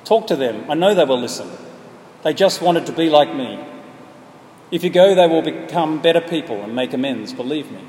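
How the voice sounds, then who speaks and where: A man's voice: on the high side, animated, normal speed, darkish tone, lightly acted. A man voicing a desperate, trapped rich man who pleads and cries out for help. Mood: pleading. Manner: pleading, crying out. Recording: echoey hall, faint background noise.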